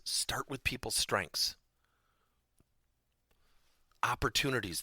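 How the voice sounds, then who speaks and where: A man teaching a podcast lesson with a lively, swooping delivery and a bright, forceful edge. He stresses his points hard and slips into little acted dialogues with imagined employees. The sound is dry and close. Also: on the low side, no echo. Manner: animated, emphatic, acts out example dialogues. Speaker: podcast host and coaching trainer.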